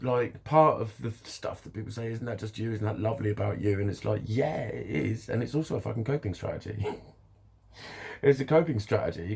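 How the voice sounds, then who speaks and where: A man talking to camera in a rambling, profane, animated way. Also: mid-range voice, gravelly, slightly rough. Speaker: vlogger. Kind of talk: casual monologue to camera.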